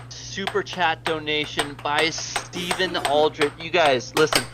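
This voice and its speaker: A man's voice: fairly high pitch, fairly even intonation, measured pace, very noisy. A man with an American accent doing live play-by-play air hockey commentary, nearly losing his voice, rambling and thanking donors. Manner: rambling, chatty, thanks donors between plays.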